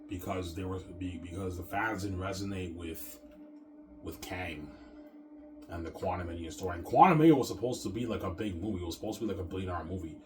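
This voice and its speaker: Guy venting to camera, kinda low voice, keeps saying man and obviously, trips over his words, swears a lot, faint music behind. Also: quick pace. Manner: rambling, repeats "man" and "obviously", stammers, swears. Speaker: vlogger. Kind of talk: casual rant to camera.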